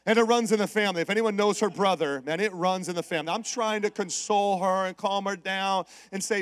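High-voiced male preacher, dry close sound. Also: brisk, few pauses, dry recording. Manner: animated storytelling with call-outs to the congregation. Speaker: pastor. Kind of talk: sermon.

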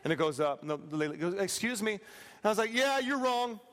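A man preaching a sermon, telling a story with animated, acted-out quotes and humor. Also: on the high side, quick pace, a faint crowd. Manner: animated, acts out quotes, plays for laughs. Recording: reverberant hall.

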